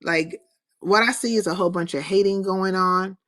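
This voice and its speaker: A woman chatting on her own livestream at a middling pitch. She rambles loosely and swears freely as she answers viewers' comments. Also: moderate pace, a bit bright. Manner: loose, profane, rambling chat with chat readers. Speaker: livestream host. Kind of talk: casual livestream chat.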